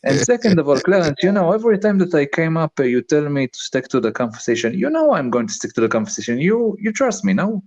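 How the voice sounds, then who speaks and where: A man's voice: fairly high pitch, very animated, fast, few pauses, a little mellow, muffled recording. A man who is a guest on a casual group chat and answers with dry, mildly exasperated retorts. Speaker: panel guest.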